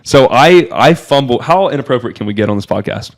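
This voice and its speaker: A young man from Miami tells a story on a podcast in loose, casual talk. He is excitable and rambling, and fills every pause with "like". His voice sits at an ordinary middle pitch for a man. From Miami, USA. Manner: excitable and rambling, heavy use of filler "like". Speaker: podcast guest telling a story.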